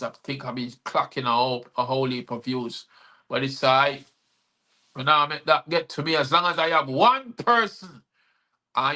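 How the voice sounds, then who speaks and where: A man's voice: fairly high pitch, sharp tone. A man hosting a live-streamed show, talking in a rambling, earnest way with many fillers. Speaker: host and poet.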